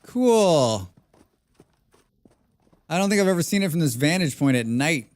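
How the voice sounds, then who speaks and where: A man's voice: on the high side, very animated, measured pace, dry recording. A man live-streaming a survival game, chatting casually with his viewers and repeating his own phrases. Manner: chatty, talks to himself and chat, repeats phrases.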